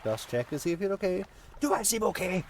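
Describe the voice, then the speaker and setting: A man's voice: high-pitched, big pitch swings, quick pace, a little hiss or hum, voice pushed up. A man voicing a frightened courier in a video game, nervous and jittery. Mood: frantic. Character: frightened male courier hiding on boat.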